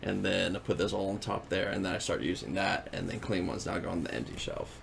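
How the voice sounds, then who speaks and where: A man's voice: low voice, steady tone, a little fast, gravelly, a bit bright, slight background noise. A young man co-hosting a podcast, chatting casually, rambling through stories with lots of fillers and frequent laughs. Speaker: podcast co-host. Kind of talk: casual chat.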